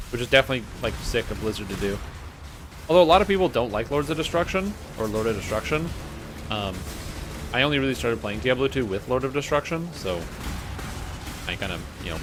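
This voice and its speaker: A man in his twenties streaming a game, rambling casually, swearing and chatting to his viewers. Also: medium pitch. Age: 20s. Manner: rambling, swearing, talks to himself and chat. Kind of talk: casual gaming commentary. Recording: music playing behind.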